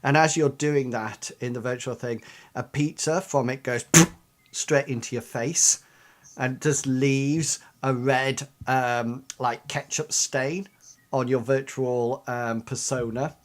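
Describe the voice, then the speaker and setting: Male game master, halting, mid-pitched narration. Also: fairly even intonation. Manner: halting, full of restarts and ums.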